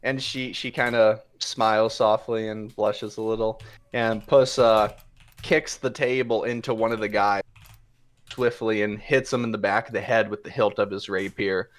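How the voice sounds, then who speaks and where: A man's voice: on the low side, steady tone, normal speed. A man narrating a tabletop game as game master, telling the scene in a loose, hesitant way with many fillers.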